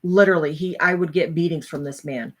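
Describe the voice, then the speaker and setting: Woman vlogger, lowish voice, earnest and halting; candid personal talk. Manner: earnest, halting, with frequent pauses. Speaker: vlogger sharing a personal story.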